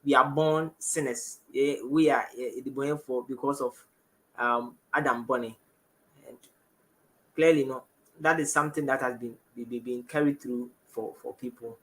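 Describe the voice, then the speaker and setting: Bright-voiced Ghanaian man teaching scripture. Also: mid-range voice, steady tone. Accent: Ghanaian English. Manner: halting, self-correcting, reads verses aloud. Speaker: Bible teacher. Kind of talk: television Bible teaching. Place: television studio.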